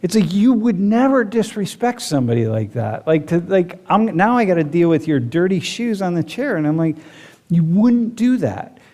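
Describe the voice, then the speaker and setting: Animated man lecturing in a hall. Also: high-pitched, normal speed. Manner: animated, rambling, many "like" fillers. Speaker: university professor. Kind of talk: classroom lecture. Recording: long hall reverb.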